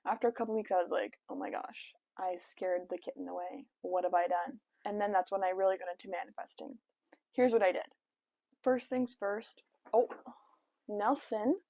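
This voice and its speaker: A young woman sits at home talking straight to her camera in a loose, chatty storytime way, dropping "like" often and acting out her own thoughts. Her voice sits at a middle pitch, recorded close and dry with no room echo. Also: a little mellow. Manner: chatty, lots of "like" and self-quoting asides. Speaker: vlogger. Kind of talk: casual storytime chat.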